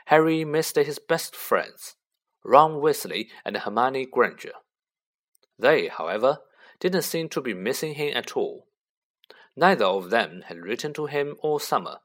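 A man reading a storybook aloud as narrator in an expressive way. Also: mid-range voice. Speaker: audiobook reader.

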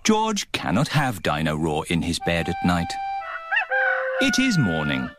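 A man's voice: sits low, huge pitch swings, measured pace. Man narrating a cartoon with music under him.

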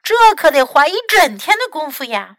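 Woman doing eager young boy fox, storybook, high lively voice, bright tone, boastful. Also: brisk, dry recording, clean studio sound. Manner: excited, boastful.

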